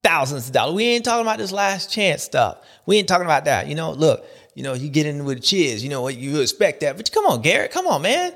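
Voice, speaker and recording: A man's voice: medium pitch, very animated, brisk, a bit bright. A man hosting a casual, joking commentary, talking in slang and mimicking other people. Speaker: host.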